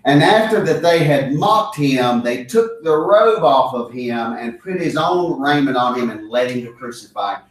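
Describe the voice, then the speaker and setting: A man's voice: mid-range voice, lively intonation, measured pace, hardly any pauses. A man leading a Bible study discussion, talking earnestly and with emphasis, often repeating key phrases for stress. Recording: echoey room, mic far off.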